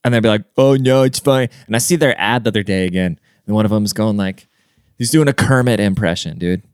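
A man talks through his solo podcast in a loose, rambling way, swearing freely and filling his sentences with "like" and "dude". His voice comes across smooth and clear, recorded close to the mic in a dry space. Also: on the low side, quick pace, dry recording. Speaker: podcast host. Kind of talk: casual podcast monologue.

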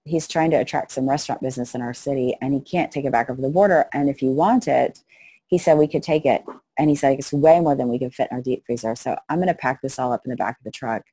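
A fast-talking middle-aged woman with a rumbling low, husky voice tells stories as a missionary guest in an interview, with no room sound. She's animated throughout, acting out the people she quotes.

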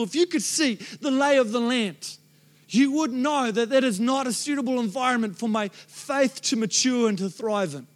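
A man's voice: very high voice, normal speed. A man preaching a sermon as pastor, telling stories in a casual, conversational way and acting out his own prayers.

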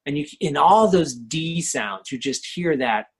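A man teaching poetry craft as a professor, thoughtful and unhurried, often checking in with the listener and pausing on fillers. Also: a little high, animated, heavy background noise.

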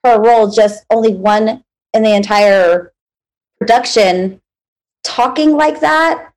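A woman's voice: fairly high pitch, slow pace, darkish tone, poor audio. A woman in casual chat, earnest and explaining her point, laughing readily.

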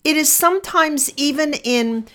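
A middle-aged woman attorney telling a personal story and reflecting on it in a measured, deliberate way. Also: high-pitched, bright, forceful tone. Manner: measured, deliberate, slowing for emphasis.

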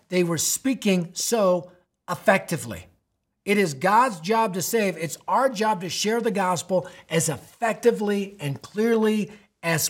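Guy preaching on his youth ministry podcast, high husky voice, keeps asking "right?". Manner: emphatic, rhetorical questions and repeated "right?". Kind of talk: preaching-style teaching talk.

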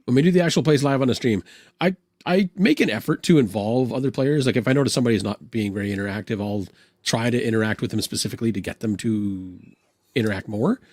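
A man's voice: mid-range voice, darkish tone, no echo, studio quality. A chatty man co-hosting a casual livestream, who admits he talks a lot. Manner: chatty, quick to apologize after slips. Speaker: co-host.

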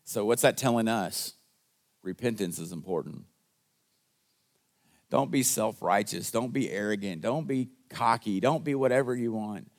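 Earnest man preaching a sermon. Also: unhurried. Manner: earnest, conversational preaching with call-and-response asides; acts out quoted voices with big jumps in pitch and loudness. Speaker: pastor.

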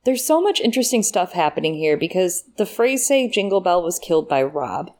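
A woman's voice: on the low side, big pitch swings, fairly quick, darkish tone. A woman in casual podcast chat, thinking aloud as she walks through details. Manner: thinks aloud, breaks down details with fillers and laughs. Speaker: podcast co-host.

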